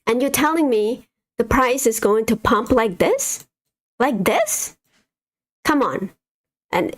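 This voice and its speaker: Woman host, gravelly voice, exasperated blunt livestream rant. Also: on the high side. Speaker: stock market livestream host. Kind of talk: casual livestream commentary.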